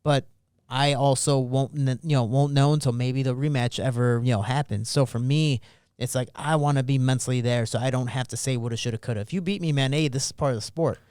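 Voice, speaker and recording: A man's voice: medium pitch, steady tone, brisk, a little mellow, clear, resonant tone, dry recording, studio quality. A man in his thirties, a podcast guest, telling personal stories candidly in casual interview talk. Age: 30s. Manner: candid, storytelling, acts out quoted voices. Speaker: podcast guest, MMA fighter.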